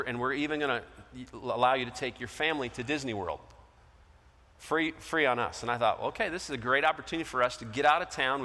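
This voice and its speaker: A middle-aged male pastor preaching a sermon, telling a story and acting out the voices in it, swinging between loud and soft. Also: medium pitch. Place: large church hall. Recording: long hall reverb.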